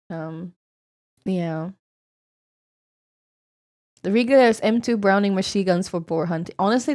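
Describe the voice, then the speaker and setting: A woman's voice: mid-range voice, a little mellow. A young woman from Sweden with a Swedish accent, chatting casually with her stream viewers, swearing freely and laughing often.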